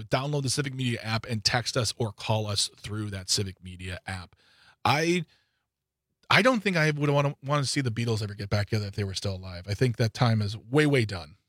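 A man hosting a talk radio show, bantering with his co-host in a playful, animated way. His pitch sits in a middle range but jumps upward when he teases. The studio sound is close and dry. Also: dry recording. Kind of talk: casual radio chat. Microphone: studio microphone.

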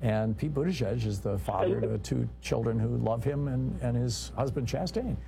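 A man's voice: medium pitch, moderate pace, gravelly, warm tone, slight background noise. A man hosting a call-in talk radio show, chatting casually with callers and correcting them.

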